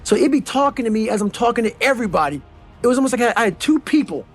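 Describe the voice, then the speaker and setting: A man's voice: very high-pitched, lively intonation, rapid-fire. A man giving a blunt, intense motivational talk, driven and swearing freely. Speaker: motivational speaker. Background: faint background music.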